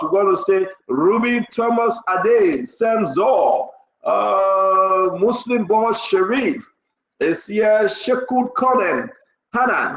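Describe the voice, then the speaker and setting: Animated male talk host. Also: high voice, reverberant, highs cut off. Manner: animated, rising to loud exclamations. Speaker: livestream talk show host. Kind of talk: live talk show chat, reading viewer names.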